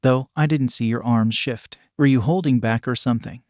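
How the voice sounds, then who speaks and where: An eager, frank teenage hero boy who says exactly what he thinks in a storybook, read out by a man. His voice sits at a middling pitch, recorded dry and close. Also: moderate pace, darkish tone, no room sound, lightly acted. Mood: friendly.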